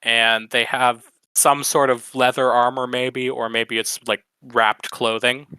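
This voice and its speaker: A man's voice: mid-range voice, little pitch movement, a little slow, bright, forceful tone, clear, resonant tone, dry recording. A man narrating a tabletop role-playing game as game master, explaining rules with frequent hesitations. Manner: hesitant, many fillers.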